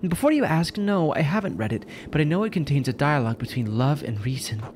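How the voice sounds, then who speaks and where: A man's voice: a little high, animated, fast talker, background noise, pitched above the performer's own voice, close to an everyday voice. A man voicing a prim, lecturing nun who works as a librarian. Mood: exasperated. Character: stern prim nun librarian, middle-aged woman.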